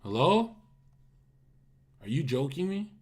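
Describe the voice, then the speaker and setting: A man's voice: on the high side, very animated, takes it slowly, husky. A man hosting a casual livestream, reacting to clips and ranting at his chat in a blunt, mocking way, speaking into a condenser mic. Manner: blunt, mocking, rants at viewers. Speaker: livestream host. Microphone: USB condenser mic.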